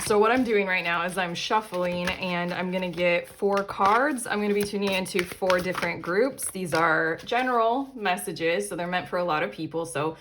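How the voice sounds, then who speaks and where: A young adult woman hosting a casual tarot reading, chatty and animated, often breaking into laughter. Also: lowish voice, noisy background. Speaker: tarot reader and channel host.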